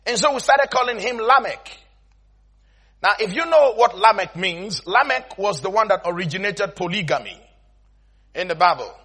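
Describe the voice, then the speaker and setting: A man preaching a sermon, telling a story with frequent laughter and emphatic shouts, repeating phrases for emphasis. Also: sits high, expressive, normal speed, husky. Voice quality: laughs often while preaching, breaks into shouts.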